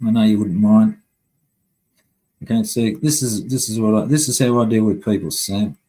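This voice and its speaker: Male streamer, husky, blunt and profane, venting to chat. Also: on the low side, fairly even intonation, normal speed, mellow, low-quality recording. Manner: heavy swearing, angry and blunt. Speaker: live stream host. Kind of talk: casual live-stream rant.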